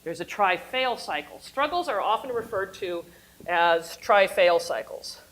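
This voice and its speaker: A woman lecturing on storytelling in a playful, animated way, laughing and cheering along with her own examples. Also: mid-range voice, unhurried, poor audio. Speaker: university teacher giving a workshop class.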